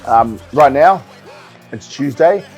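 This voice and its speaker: Male bodybuilding coach, casual vlog delivery, relaxed and explanatory, average pitch. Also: takes it slowly, lo-fi sound, faint music behind. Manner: relaxed, explanatory, with frequent ums and repeats. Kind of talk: casual vlog talk to camera.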